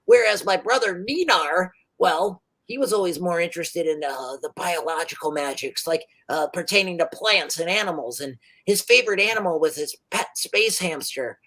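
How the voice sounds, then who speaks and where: A woman voicing a nervous, excitable male gnome inventor who stammers and rambles through his words in a tabletop game. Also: fairly low pitch, normal speed, hardly any pauses. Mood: eager stammering.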